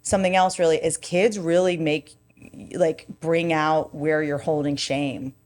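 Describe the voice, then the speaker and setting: A woman who is a podcast guest, talking in an animated, rambling and frank way and swearing casually. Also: low voice, a little slow. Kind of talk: casual conversational chat.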